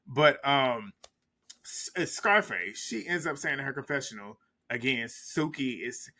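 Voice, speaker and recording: A man's voice: fairly high pitch, sharp tone. A man, recapping a reality show in casual, blunt, trash-talking commentary.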